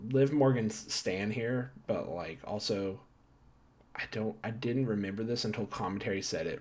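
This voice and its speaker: A man's voice: on the low side, a little mellow. A man recapping a wrestling show in a casual, rambling way, correcting himself and tossing in jokey asides while handing out star ratings.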